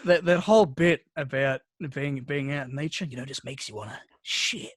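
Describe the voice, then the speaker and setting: A man's voice: mid-range voice, moderate pace, no echo, clean studio sound. Man telling rambling stories. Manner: rambling storyteller, heavy swearing, many restarts. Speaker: podcast co-host. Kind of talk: casual chat.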